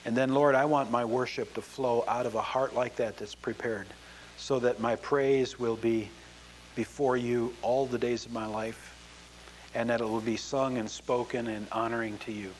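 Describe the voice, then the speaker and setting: A pastor with a mid-range voice tells stories and then leads an earnest prayer, slowing down as he prays. The recording is poor, with a little hiss or hum.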